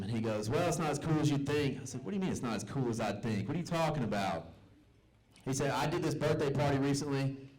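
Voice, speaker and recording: A man's voice: mid-range voice, animated, quick pace, darkish tone. A young man from the American South doing stand-up in a comedy club, loose and self-mocking as he acts out the people in his stories. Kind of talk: stand-up storytelling.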